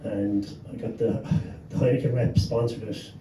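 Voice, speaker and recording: An Irish man tells a story to a panel audience, swearing freely and chuckling as he goes. He sounds far from the mic in an echoey pub room, with a steady hum of background noise. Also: fairly low pitch, moderate pace. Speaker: panelist, gig promoter. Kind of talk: anecdotal storytelling on a live panel. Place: pub venue with a live audience.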